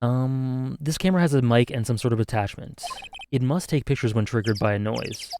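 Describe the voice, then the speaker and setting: A man's voice: mid-range voice, fairly quick, darkish tone, a little hiss or hum. A Canadian man streaming and reading a visual novel aloud, with joking, self-deprecating asides.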